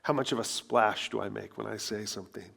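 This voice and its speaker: A man's voice: lowish voice, fairly even intonation, brisk, vocal fry, fairly bright tone, slightly rough. A middle-aged man preaching a sermon as pastor, in a conversational way, full of rhetorical questions and self-deprecating asides.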